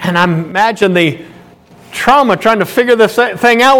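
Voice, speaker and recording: A male pastor preaching a sermon with animated, emphatic storytelling. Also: high-pitched, normal speed.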